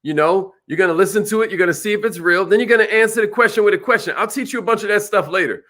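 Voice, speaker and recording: A man giving an animated motivational sales seminar, calling out to the audience. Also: sits high, very fast. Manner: animated, preacherly, calls out to the audience. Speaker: sales trainer.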